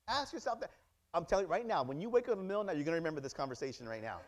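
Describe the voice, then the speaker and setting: A male pastor preaching a sermon, acting out little dialogues and swinging between loud exclamations and quiet asides. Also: fairly high pitch, racing. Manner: animated, acts out dialogues in many voices. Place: church.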